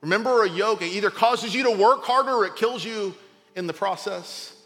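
A male pastor delivers a casual sermon in a bright, forceful voice pitched a little high. He swings from loud emphasis to hushed, quiet drops with informal asides. His voice rings with the long reverb of a large hall. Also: brisk.

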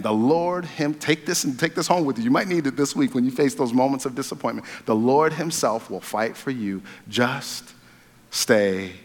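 A man preaching a sermon as pastor, talking conversationally with restarts and growing animated when he retells a story. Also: medium pitch. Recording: long hall reverb.

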